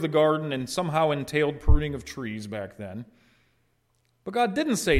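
A man's voice: fairly high pitch, very animated, moderate pace. A man preaching a sermon as pastor, in a conversational way, putting questions to his congregation and answering them himself.

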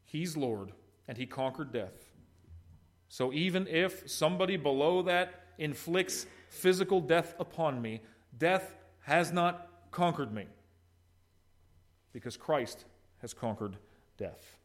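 A man preaching an expository sermon, swinging from loud emphatic peaks to soft low endings, with conversational asides to the congregation. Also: animated, slow pace. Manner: conversational, teases congregants by name. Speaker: pastor.

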